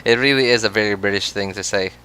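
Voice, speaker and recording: Bright, clear-voiced man streaming a game. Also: lowish voice, fast talker. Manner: rambling, laughs often, many restarts. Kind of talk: casual livestream chat.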